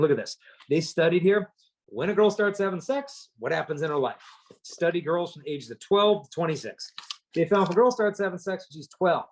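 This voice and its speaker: A man giving a storytelling talk to teenagers, punchy and humorous, acting out the people in his stories. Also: on the high side. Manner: lively storyteller acting out quotes; punchy, humorous delivery to teens. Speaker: chastity speaker.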